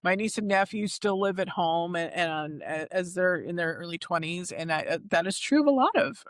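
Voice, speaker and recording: Excitable bay area podcast host in their 40s, keeps restarting sentences, mid pitch, dry close sound. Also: normal speed, dry recording. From San Francisco Bay Area. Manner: enthusiastic, rambling with frequent restarts. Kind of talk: casual podcast chat.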